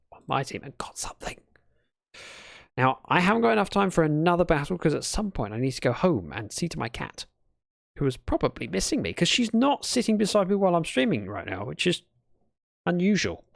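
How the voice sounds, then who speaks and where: Recorded with clean studio sound and no echo, this British man's voice is a little high and creaky. He's a streamer from Britain, chatting easily with his live chat in British English and thinking out loud while building in a game.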